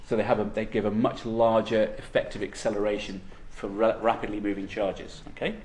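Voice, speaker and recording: A man's voice: medium pitch, darkish tone. A man lecturing on physics to university students, explaining step by step and often checking in with "okay?".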